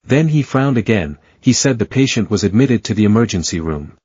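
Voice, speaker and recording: Man narrating a story recap, husky, lowish voice, dull lo-fi sound, dry close recording. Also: animated, brisk, a little mellow, no echo.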